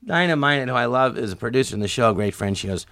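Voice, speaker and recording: Bright-voiced male comedian telling stories. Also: medium pitch, racing, no room sound. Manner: animated, acts out quoted dialogue with many "I go"s. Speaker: guest comedian. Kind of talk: storytelling in a podcast interview.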